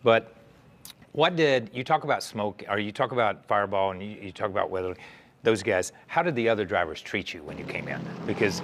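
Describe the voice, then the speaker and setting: A man with a fairly low voice hosts a casual interview. He asks eager, rambling questions and keeps up a steady stream of "yeah.". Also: a little fast, a little hiss or hum. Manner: eager, filler-heavy questions with frequent "yeah" backchannels. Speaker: interview host.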